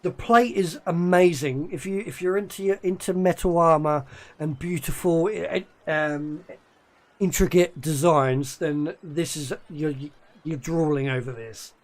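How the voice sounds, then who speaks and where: Brief: male game master, slow and halting delivery, pitched a touch high. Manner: slow, halting descriptions with many fillers. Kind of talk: narrating a tabletop game.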